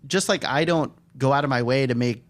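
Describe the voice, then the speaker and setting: A man who does stand-up comedy, talking in an earnest, reflective way in a casual studio podcast chat. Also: medium pitch.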